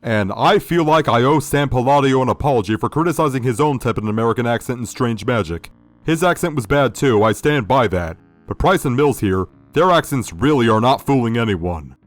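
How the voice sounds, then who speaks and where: Sardonic male video critic, mid pitch, dry close sound. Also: expressive, a little fast, no echo. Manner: sardonic, profane. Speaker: video essay host. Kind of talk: critical review commentary.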